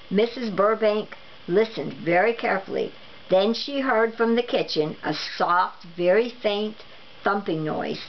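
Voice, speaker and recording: A woman reading a children's storybook aloud with even, expressive narration. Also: medium pitch. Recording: dull lo-fi recording with faint noise.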